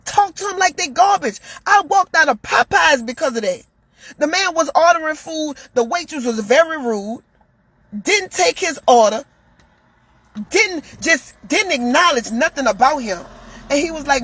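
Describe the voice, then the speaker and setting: A woman's voice: high-pitched, expressive, moderate pace, a bit bright, no room sound. A woman telling a personal story and delivering an impassioned monologue, repeating phrases for emphasis. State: shaken, near tears at times. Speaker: commentator.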